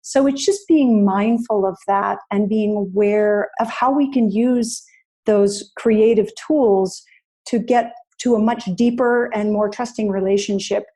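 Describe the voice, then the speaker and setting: A woman's voice: medium pitch, mellow, breathy edge. A woman in her fifties, a podcast guest, talking in a thoughtful, casual way and often restarting her phrases. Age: 50s. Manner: thoughtful, restarts phrases, spells things out slowly. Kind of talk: casual interview chat.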